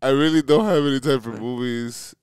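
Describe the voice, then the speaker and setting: A man's voice: medium pitch, brisk, darkish tone, smooth, no echo. A man hosting, giving amused, teasing reaction commentary in casual chat. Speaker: host.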